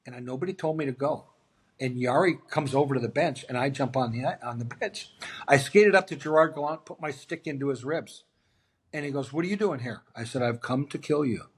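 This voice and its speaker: Husky and brisk, with a mid-range pitch, the voice comes from a middle-aged man who once played hockey. As an interview-show guest he tells lively, casual stories, dramatizing what each person said.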